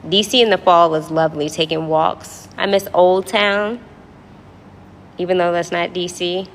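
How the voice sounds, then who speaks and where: A woman's voice: lowish voice, steady tone, unhurried, a little hiss or hum. A woman from Washington, D.C. with a D.C. accent, rambling and joking with viewers in a casual livestream chat. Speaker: livestream host. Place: apartment lobby.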